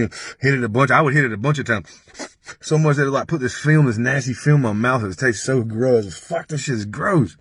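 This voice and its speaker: A young adult man telling a comic story in a rambling, profane, deadpan way. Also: mid-range voice, husky.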